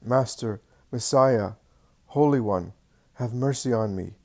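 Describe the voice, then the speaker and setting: A man voicing a gravely ill grown male leper who begs desperately for mercy. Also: mid-range voice, takes it slowly, a little mellow. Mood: imploring. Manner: desperate, imploring cries.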